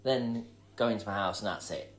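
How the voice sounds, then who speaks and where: A man's voice: fairly low pitch, a little fast. Man in an echoey voice note. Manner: storytelling, wry. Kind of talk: voice note monologue.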